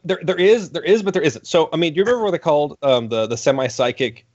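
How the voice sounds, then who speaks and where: A man's voice: a little high, lively intonation, quick pace, darkish tone. A man in casual podcast chat, ranting animatedly and swearing, slipping into mocking voices. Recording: dull lo-fi sound.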